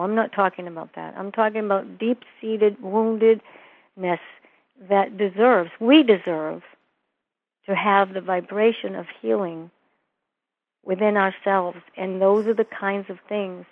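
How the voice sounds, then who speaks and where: A woman's voice: medium pitch, dry recording. A woman minister being interviewed, telling a personal story earnestly and acting out the voices of the people in it. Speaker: guest, minister and author. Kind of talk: interview conversation. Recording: tinny phone-like line.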